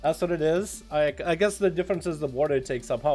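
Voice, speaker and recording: A man chatting casually on a game livestream, loose and profane, telling stories with animated swings in energy. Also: on the high side, fast talker. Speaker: game streamer. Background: faint background music.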